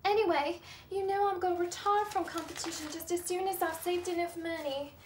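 A woman's voice: very high voice, steady tone, brisk, a little hiss or hum. An actress playing a young pageant contestant who pleads in a girlish, whiny way about her dreams. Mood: pleading. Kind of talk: TV comedy acting.

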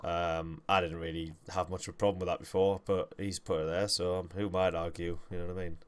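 A man's voice: low-pitched, flat delivery, a little fast, smooth. A young man, hosting a game livestream with rambling, self-correcting, jokey commentary. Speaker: gaming livestream host.

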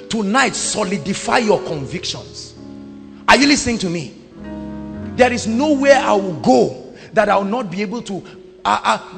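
A Nigerian man preaching a sermon, swinging from loud shouted declarations to low quiet asides. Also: gravelly. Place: large church hall. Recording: echoing hall with faint music.

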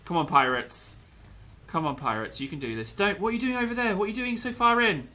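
A man's voice: on the high side, fast talker, bright, forceful tone. A young man commentating gameplay with a lot of energy, yelping, laughing and slipping into pirate growls.

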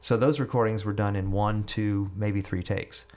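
Low-voiced middle-aged man telling stories. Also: fairly even intonation, moderate pace, darkish tone. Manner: rambling, repeats and restarts words. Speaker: guest musician. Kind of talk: casual storytelling.

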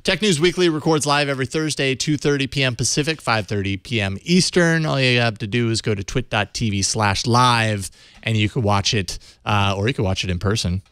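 A man's voice: medium pitch, a bit bright, clear, resonant tone, no echo. Easygoing male tech show co-host. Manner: easygoing, joking, quick laughs. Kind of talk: casual news show banter. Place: studio with live audience.

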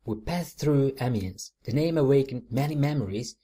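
A man narrating an audiobook in the first person, measured and composed. His voice sits at a middle pitch but moves expressively through each sentence. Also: lively intonation, dark tone, slightly rough.

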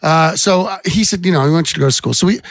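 A man's voice: fairly high pitch, rapid-fire, creaky, no echo. Rambling storyteller man, dry close sound. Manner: rambling anecdotes with restarts. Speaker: podcast guest, songwriter. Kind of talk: casual storytelling chat.

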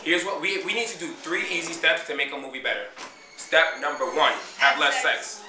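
A man's voice: lively intonation, brisk, crowd noise. A man doing a crude, giggly comic rant for a vlog, often jumping into squeals. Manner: loud, crude, giggly, jumps into high squeals. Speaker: vlogger. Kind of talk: rowdy comic monologue to friends. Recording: echoey room with friends around.

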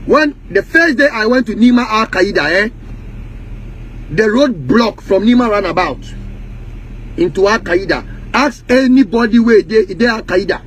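A man with a strikingly high voice and a Ghanaian Pidgin English accent lets loose in a heated rant. He curses freely and hammers the same accusations again and again. A faint hum of noise sits under his voice. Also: lively intonation, moderate pace, low-quality recording. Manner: heated, profane, repetitive accusations. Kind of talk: angry rant.

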